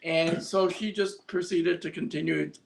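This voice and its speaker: Gravelly man telling a rambling story. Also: on the high side, fairly even intonation, normal speed. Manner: rambling storyteller, many fillers and restarts. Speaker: co-host. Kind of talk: casual live-stream chat.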